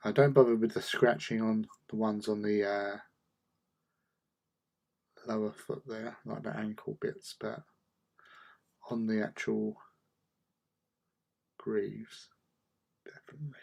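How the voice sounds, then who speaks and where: A man's voice: lowish voice, fairly even intonation, slow, creaky, long pauses, darkish tone. A man chatting casually while he paints miniatures, muttering to himself as he works. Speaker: hobby painter.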